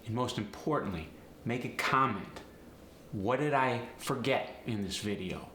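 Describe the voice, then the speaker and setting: A man teaching as a dialect coach, explaining pronunciation deliberately and speaking directly to viewers. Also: mid-range voice, expressive, sharp tone. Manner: slow, deliberate demonstration of pronunciations; direct, encouraging address to viewers. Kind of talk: instructional video narration. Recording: echoey room with faint noise.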